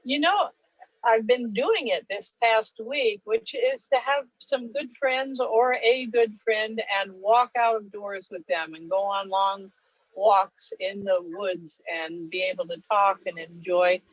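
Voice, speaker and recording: A woman's voice: mid-range voice, slow, slightly rough, no echo. An older woman giving a webinar talk, telling personal stories with frequent fillers. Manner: warm storytelling, frequent fillers. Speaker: guest speaker. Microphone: video call. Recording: dull lo-fi video call audio.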